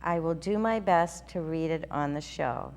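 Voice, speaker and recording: A woman hosting a children's story show, reading a storybook aloud in a gentle, sing-song way. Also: sits low, unhurried, creaky. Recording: reverberant room with faint hum.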